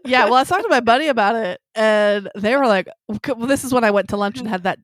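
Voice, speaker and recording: A woman's voice: fairly high pitch, quick pace, dry recording, clean studio sound. A young woman telling a story in casual chat, acting out the other people's lines as she goes. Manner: animated storyteller acting out quotes. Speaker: friend chatting.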